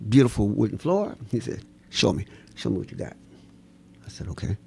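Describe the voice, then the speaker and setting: Gravelly, animated male storyteller. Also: fairly low pitch, fairly quick, dry recording. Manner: animated, laughing, acts out voices in his stories. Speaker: interview guest, dancer. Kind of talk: storytelling in a casual interview.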